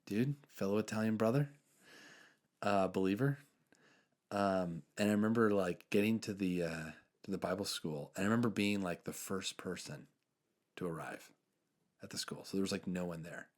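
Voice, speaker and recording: Podcast host, young man, lowish voice, earnest and rambling storyteller. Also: moderate pace. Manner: earnest storytelling, many fillers, trails off softly. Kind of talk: casual faith chat.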